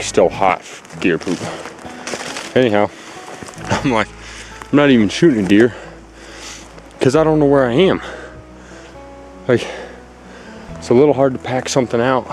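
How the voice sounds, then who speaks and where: Medium in pitch with a darkish tone, this hunter vlogs casually to the camera while out of breath, rambling anxiously and using many fillers. He's recorded outdoors in a forest clear cut on a handheld camera held close.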